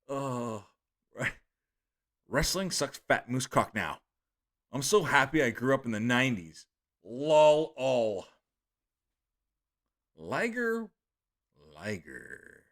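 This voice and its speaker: A man in his thirties streaming live, reading out viewer names and comments with retakes and stumbles over names. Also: medium pitch.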